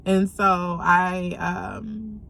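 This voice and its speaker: A young woman giving a candid personal testimony, speaking earnestly and haltingly with frequent pauses and ums. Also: fairly low pitch, steady tone, creaky, fairly bright tone, a little hiss or hum. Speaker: vlogger sharing a personal story.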